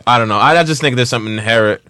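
A man's voice: medium pitch, very fast, no room sound, clean studio sound. A man hosting a podcast, chatting casually and acting out quotes for laughs. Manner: animated, joking, acts out quotes. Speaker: podcast host. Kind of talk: casual chat.

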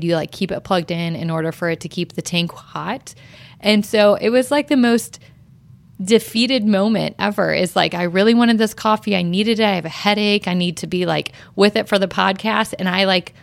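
A woman in her thirties co-hosting a podcast, telling a story in casual chat and acting out quoted lines in a higher voice. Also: vocal fry, no echo. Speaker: podcast co-host.

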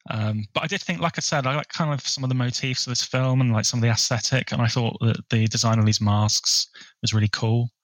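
A man co-hosting a podcast, chatting casually about a film and sharing bits of research in a relaxed way. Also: medium pitch, a little fast, no room sound, low-quality recording. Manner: relaxed, shares researched trivia. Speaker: podcast co-host.

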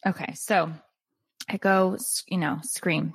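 A woman's voice: on the low side, slow pace, gravelly, slightly rough, dry recording. A middle-aged woman co-hosting a podcast, telling a story animatedly and acting out what people said. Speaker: podcast co-host. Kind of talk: casual storytelling chat.

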